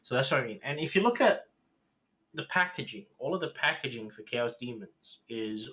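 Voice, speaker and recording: A man's voice: medium pitch, animated, moderate pace, bright, forceful tone. A man co-hosting a podcast, joking around and giving his hot takes in casual chat. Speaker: podcast co-host.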